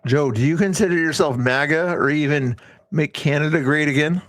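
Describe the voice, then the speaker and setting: A man's voice: fairly high pitch, moderate pace, a bit bright, no room sound. Guy rambling on his livestream, stops and restarts a lot, dry close sound. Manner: rambling, self-interrupting. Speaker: livestream host. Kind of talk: casual livestream chat.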